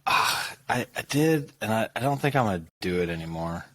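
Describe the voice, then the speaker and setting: Brief: male co-host, thirties, lower voice, slurry relaxed delivery, self-deprecating. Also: brisk. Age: 30s. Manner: rambling, self-deprecating, many fillers, slightly mumbled. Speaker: podcast co-host. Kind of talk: casual chat.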